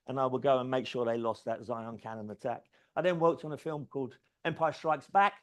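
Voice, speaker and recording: A middle-aged man giving a keynote talk, telling lively anecdotes, swearing freely and acting out quoted conversations. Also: a little high. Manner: animated anecdotal storytelling, swears freely, acts out quoted dialogue. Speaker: conference speaker. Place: event stage.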